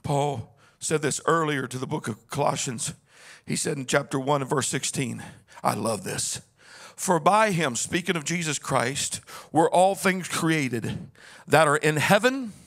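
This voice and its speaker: Pastor guy preaching, real high voice, bright and forceful, drops low then chants it out loud. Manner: swings from low murmur to high chanted shouting; sing-song preaching cadence. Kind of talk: sermon.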